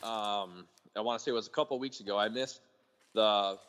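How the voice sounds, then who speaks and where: A man's voice: lowish voice, fairly even intonation, brisk, a bit bright, big-room sound. Easygoing man calling into a podcast. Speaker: guest calling in. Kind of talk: casual podcast chat.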